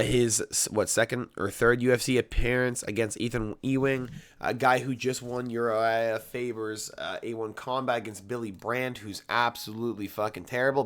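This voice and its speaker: A man giving casual MMA fight predictions in a brash, rambling, emphatic way. He swears heavily, and his voice is getting hoarse. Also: mid-range voice, fairly bright tone.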